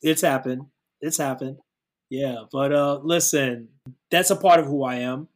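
A man's voice: medium pitch, fairly even intonation, a little slow. A man guesting on a podcast as a songwriter, talking earnestly about relationships and laughing easily. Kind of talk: casual chat.

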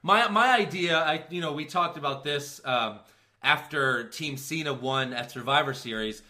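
A man's voice: fairly high pitch, moderate pace, bright, forceful tone. A man co-hosting a podcast, chatting casually with ums and chuckles as he recaps a wrestling show. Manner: laid-back, chuckling, with frequent ums. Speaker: podcast co-host.

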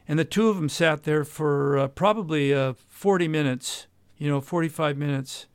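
A man, a jazz guitarist and podcast host from Southern California, telling a long anecdote in a casual interview, with many pauses and quoted dialogue. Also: fairly high pitch, clear, resonant tone, no room sound, studio quality. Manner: rambling anecdote with many uhs, quoting others.

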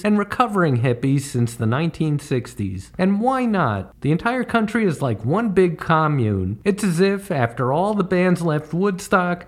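A middle-aged man, a comedy writer, narrating comic travel stories with a dry, wisecracking delivery. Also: fairly high pitch.

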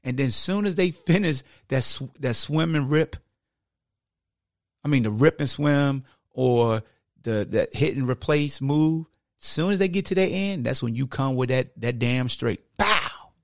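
Gravelly dude on his podcast breaking down football plays, animated, talks like a coach. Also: medium pitch, unhurried, no echo, studio quality. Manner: slangy, conversational. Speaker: podcast host. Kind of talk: casual football film breakdown.

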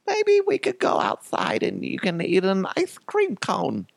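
A man putting on a high, doting mom voice. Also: wildly swooping pitch, measured pace, gravelly, no room sound, clean studio sound, exaggerated voice. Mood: mock-coddling. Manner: coddling, crude punchlines. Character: doting, fussy middle-aged mother.

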